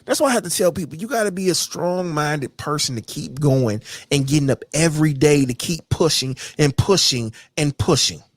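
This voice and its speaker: A blunt, foul-mouthed man rants about a coworker on his own podcast. His voice is fairly high and swings widely, and the sound is close and dry. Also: animated, normal speed, few pauses, no echo. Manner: blunt, profane, mocks others in whiny voices. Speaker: podcast host. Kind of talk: casual rant monologue.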